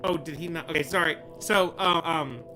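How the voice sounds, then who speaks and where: Male player, somewhat high voice, chatty and stumbling, music clear behind. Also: moderate pace, pushed and bright. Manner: chatty, stammering restarts, laughs at himself. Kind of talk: casual chat at a game table.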